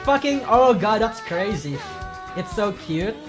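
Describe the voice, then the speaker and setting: A man's voice: high voice, expressive, a little slow, over music. A man casually commenting as a streamer reacting to clips, profane, rambling and self-deprecating.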